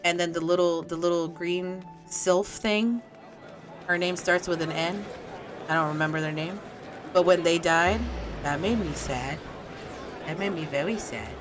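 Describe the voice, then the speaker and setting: A woman's voice: on the low side, measured pace, music in the background. A young woman streaming a game in casual, sassy chat, laughing often and talking back to the characters.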